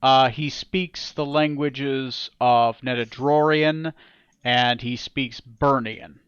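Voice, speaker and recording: A man narrating a tabletop game as game master, in a casual, halting way with many fillers. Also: medium pitch, fairly even intonation, clean tone, dry recording, highs cut off.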